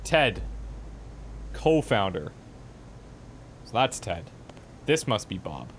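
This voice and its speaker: A man casually commenting on gameplay, animated and amused, with frequent chuckling asides. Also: lowish voice, takes it slowly, a little hiss or hum. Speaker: let's play host.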